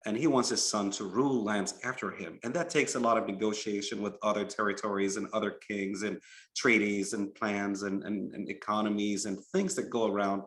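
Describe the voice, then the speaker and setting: A man narrating a moral story as a preacher, in an animated, repetitive storytelling manner. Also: fairly low pitch, fairly quick. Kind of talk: storytelling sermon. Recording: roomy echo.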